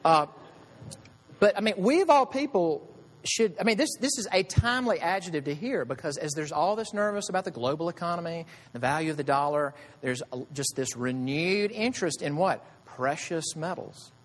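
A man's voice: on the high side, expressive, normal speed. A man preaching a sermon, asking his listeners rhetorical questions in a conversational way. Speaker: pastor. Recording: long hall reverb.

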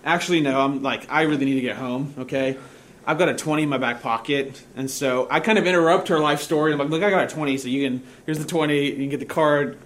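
Self-mocking casual pastor telling a story. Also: male voice, fairly high pitch, fairly bright tone. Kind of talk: sermon storytelling.

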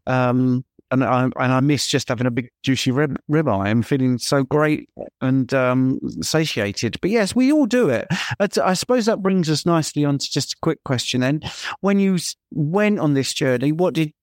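A man's voice: mid-range voice, expressive, moderate pace, no room sound, studio quality. A man hosting an interview, chatty and loose, often restarting his questions mid-sentence. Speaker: interview host. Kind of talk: casual interview conversation.

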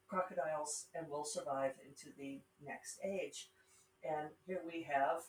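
A middle-aged woman with a low voice and a Rocky Mountain accent hosts a podcast; she is a self-published author. She talks in a chatty, rambling, digressive way, tossing in wry asides. The recording sounds roomy and distant, with faint ambience and a slight hiss or hum.

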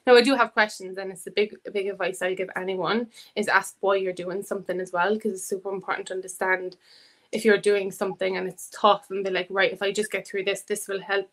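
A woman's voice: medium pitch, little pitch movement, fairly quick, fairly bright tone. A woman chatting casually as a podcast guest, laughing often and acting out what people said. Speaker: fitness academy student, guest.

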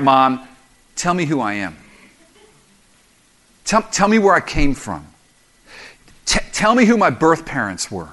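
A man's voice: a little high, a bit bright. A middle-aged man preaching a sermon as a pastor, conversational and humorous, telling self-deprecating stories.

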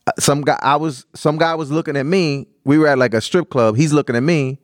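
A man's voice: fairly high pitch, a little fast, no room sound, clean studio sound. A man, a podcast co-host telling stories in casual banter and laughing often. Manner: animated storyteller, laughs often.

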